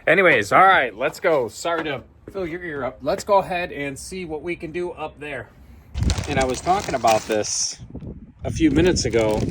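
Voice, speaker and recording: A man's voice: mid-range voice, noisy background. A man chatting casually as he fixes an RV outdoors, rambling and often correcting himself. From United States. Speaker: RV repair vlogger. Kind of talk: casual how-to vlog.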